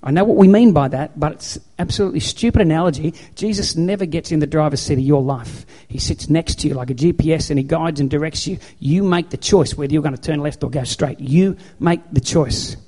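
A man's voice: on the high side, fairly quick, few pauses, dark tone. A man preaching a sermon into a handheld microphone to an audience, in an emphatic, repetitive exhorting manner. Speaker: pastor.

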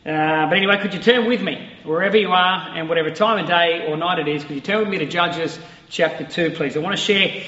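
A man's voice: a little high, brisk, pushed and bright, echoey room, long reverb tail, highs cut off. A man preaching an online sermon to a camera in an empty church, talking in a conversational, reflective way. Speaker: pastor. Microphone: facing a camera.

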